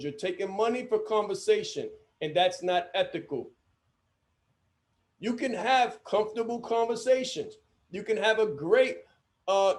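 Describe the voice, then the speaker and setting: A man's voice: sits high, darkish tone. A man giving a training lecture to coaches, emphatic and given to repeating his key phrases.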